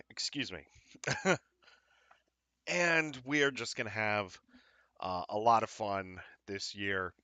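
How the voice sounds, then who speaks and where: Upbeat rambling man, bright and dry. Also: lowish voice, takes it slowly, long pauses, no echo. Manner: rambling, upbeat, lots of fillers and apologies. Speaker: podcast host. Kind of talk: casual live-stream chat.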